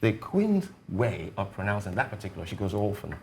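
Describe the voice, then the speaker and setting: A man's voice: on the low side, very animated, brisk, crowd noise. A man with a Nigerian accent, a guest educationist on a studio panel, explaining points with examples in a teacherly way. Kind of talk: panel discussion.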